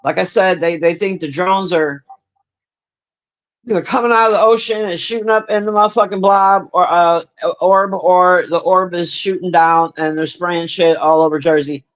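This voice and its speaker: High-voiced man ranting casually. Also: fairly even intonation, moderate pace, a bit bright. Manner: profane, chatty, talks to the chat. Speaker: livestream host. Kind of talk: casual rambling commentary.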